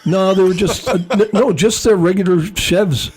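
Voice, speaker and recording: A man's voice: sits high, normal speed, darkish tone. A man co-hosting a podcast, telling rambling, indignant stories in a casual chat. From Canada. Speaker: podcast co-host.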